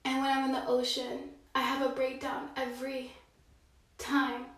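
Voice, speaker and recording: A young woman giving a rambling, heartfelt confessional monologue from a dark bathroom, sometimes dropping to a hushed whisper. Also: high-pitched, monotone, moderate pace. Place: dark bathroom, sitting in a bathtub. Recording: very echoey bathroom, mic at a distance.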